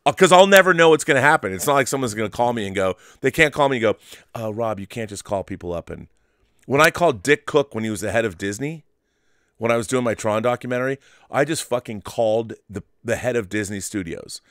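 Brief: male co-host, mid-pitched, chatty and rambling, cusses, dry close sound. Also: fast, dry recording. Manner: animated, rambling storyteller, swears. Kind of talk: casual chat.

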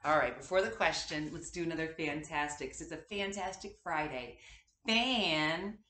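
A woman teaching a kindergarten class its morning meeting, slow and encouraging as she speaks to small children. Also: deep voice, fairly bright tone, reverberant.

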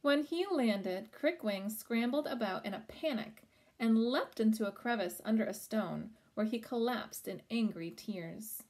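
A woman reading a children's picture book aloud at home, gently pausing to talk about the pictures and ask questions. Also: on the high side. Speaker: storybook reader for children.

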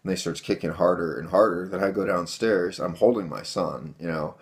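A man with a very deep, gravelly voice recounts a story to camera. He rambles casually, leans on fillers and keeps calling his viewers guys. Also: brisk. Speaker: vlogger telling a home defense story.

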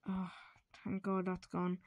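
A feeble, self-pitying robbed man who complains through breathy sighs, put on by a woman. He drags out every word at a slow, weary pace. The sound is dry and close, with no room around it. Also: on the low side, completely flat delivery, a little mellow, dry recording, lightly acted.

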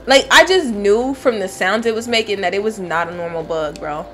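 A woman's voice: mid-range voice, normal speed, hardly any pauses, fairly bright tone, faint music behind. A woman streaming gameplay, talking casually, swearing and yelping when startled. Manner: jumpy, swears and yelps in fright. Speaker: gaming streamer.

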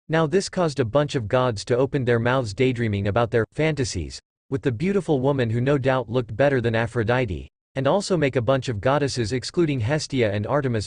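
A man's voice: mid-range voice, a little mellow, no echo, clean studio sound. A man narrating fan fiction aloud in a plain reading voice with small stumbles.

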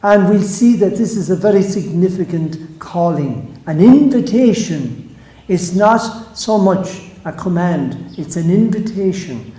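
Priest delivering a sermon; unhurried, soft trailing phrase ends, warm low timbre, roomy echo. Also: male voice, animated.

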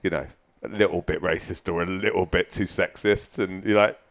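A man's voice: deep voice, steady tone, moderate pace, creaky. A man in his thirties from the United Kingdom, chatting candidly as a podcast guest, self-mocking and swearing freely. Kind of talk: casual chat.

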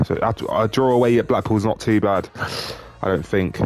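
A man's voice: fairly low pitch, measured pace, soft background music. Sweary gamer man. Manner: sweary, swings from glum mutters to shouting. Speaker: gaming YouTuber. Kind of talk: live game commentary.

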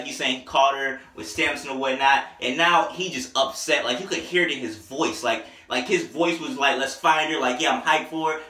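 A young man giving an excited, slangy casual album review, now and then singing bits of the songs. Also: medium pitch, far from the mic. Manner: excited, slangy, sings snippets along with the tracks. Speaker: music reviewer. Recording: echoey room, voice off-mic.

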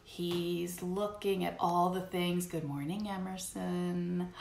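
A woman hosts storytime for young children and reads a picture book in a slow, animated, sing-song voice. Her voice sits fairly high and leaps around. The room has a clear echo and a faint hiss. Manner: animated, sing-song, talks to kids directly. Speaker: children's music teacher and host. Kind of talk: storytime read-aloud for kids.

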